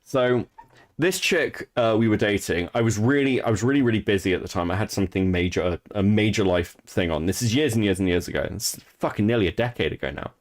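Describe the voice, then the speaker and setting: Profane, blunt man with a lowish voice. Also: a little fast. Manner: profane, blunt, laughs often; reads messages aloud in a mocking tone. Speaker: streamer and co-host. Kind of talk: casual commentary on online drama.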